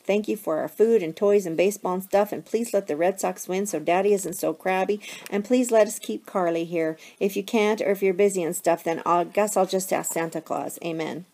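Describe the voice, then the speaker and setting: A woman's voice: medium pitch, a little fast, few pauses, warm tone, close to an everyday voice. A woman voicing a sweet, eager young boy who says a rambling, sing-song prayer, reading from a novel. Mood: earnest.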